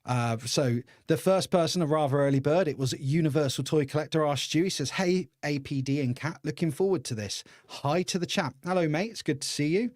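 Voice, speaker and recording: A man's voice: on the high side, fairly quick, few pauses, a little mellow, dry recording, studio quality. An English man hosting a casual live-stream podcast, chatty and laughing often as he greets viewers. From England. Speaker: podcast host.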